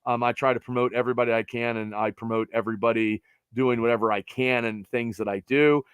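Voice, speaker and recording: A man's voice: mid-range voice, fast, smooth, dry recording. A middle-aged man from Pennsylvania hosting a podcast, chatting casually and rambling with lots of fillers. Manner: rambling, animated, trails off with fillers. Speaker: podcast host. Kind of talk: casual sports chat.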